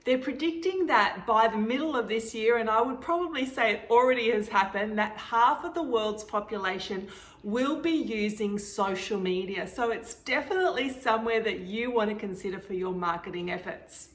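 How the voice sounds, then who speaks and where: A woman's voice: fairly high pitch, moderate pace. A woman presenting a social media marketing training to a live event audience, explaining tips step by step. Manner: clear explanatory delivery. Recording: roomy echo.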